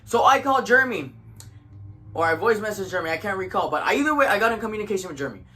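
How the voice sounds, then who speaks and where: A man's voice: high-pitched, very animated, racing, pushed and bright. A tired young man, telling a story in a casual, profane rant that switches between English and Spanish. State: tired from little sleep.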